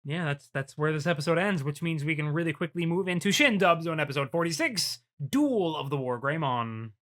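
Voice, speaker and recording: A co-host leading a casual podcast chat in a relaxed way, swearing freely and laughing often. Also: mid-range voice, a little fast.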